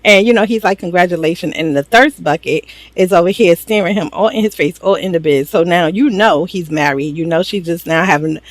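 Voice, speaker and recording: A woman's voice: lowish voice, fairly quick, hardly any pauses, dry recording. A woman casually recapping a TV drama episode for her viewers, gossipy and slangy, laughing often. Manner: slangy, talks straight to viewers.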